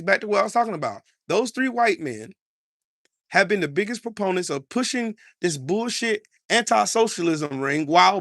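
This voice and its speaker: A man's voice: high voice, fairly bright tone, no echo, studio quality. Angry, profane man ranting. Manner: angry, profane, repetitive rant. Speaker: political commentator. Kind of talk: heated political commentary.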